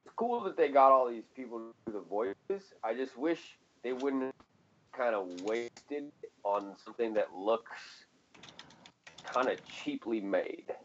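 A man's voice: mid-range voice, expressive, measured pace, a bit bright, lo-fi sound. A man co-hosting a casual podcast chat, profane and ranting, laughing often. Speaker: podcast co-host.

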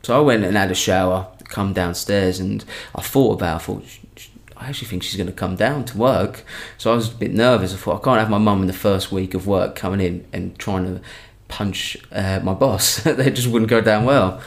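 A man's voice: on the low side, brisk, creaky, few pauses. A man, a comedian, telling a story in a rambling, chatty way with many restarts. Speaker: comedian guest. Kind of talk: casual storytelling in a podcast chat.

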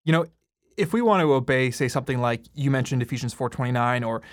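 A man hosting a podcast, talking in a friendly, affirming way with quick asides. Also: mid-range voice, no echo, clean studio sound. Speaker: podcast host. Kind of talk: casual podcast conversation.

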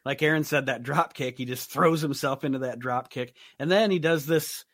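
A man co-hosting a casual wrestling review podcast, joking and quick with his reactions. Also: medium pitch, a bit bright, no echo, studio quality. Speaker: podcast co-host.

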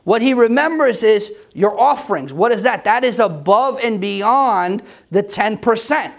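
A man's voice: high-pitched, lively intonation, a little slow. A middle-aged male pastor preaching an emphatic, conversational sermon with self-deprecating humor.

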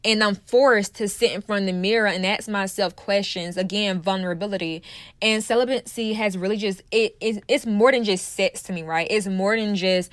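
Woman, podcast host, casual motivational monologue, passionate and repetitive, mid-pitched, dry close recording. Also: fairly even intonation, normal speed, dry recording. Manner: passionate, emphatic, repeats phrases for stress.

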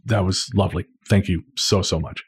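A low-voiced man reads listener mail on a podcast in casual chat, his tone husky and a bit breathy. He's relaxed and unhurried, stumbling through phrases with lots of fillers.

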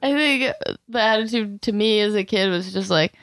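A woman hosting a podcast, talking in an easygoing, reflective way and laughing along with her guest. Her voice sits in a middle pitch and sounds dry and close to the mic. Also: normal speed, fairly bright tone, clear, resonant tone, no echo. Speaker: podcast host. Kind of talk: casual conversation.

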